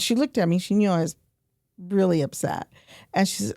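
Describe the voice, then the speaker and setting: A woman guest on a podcast interview, telling animated stories and repeating points for emphasis. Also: mid-range voice, moderate pace, no echo, studio quality. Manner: animated storytelling, quoting herself and others. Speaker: guest, nonprofit program director.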